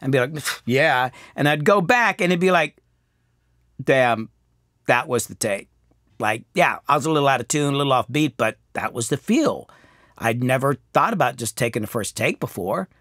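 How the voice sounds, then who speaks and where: A middle-aged man, a music producer hosting his own show, telling candid, self-deprecating stories that swing from animated to quietly reflective. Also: medium pitch, moderate pace, no echo, clean studio sound. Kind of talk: candid storytelling monologue.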